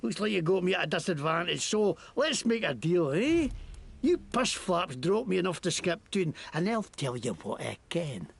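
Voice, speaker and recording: A man's voice: high-pitched, very animated, normal speed, full character voice. An actor playing a crude, boastful male shopkeeper and crook with a put-on Scottish accent, in a video game. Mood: defiant. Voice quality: gravelly, profane, blustering.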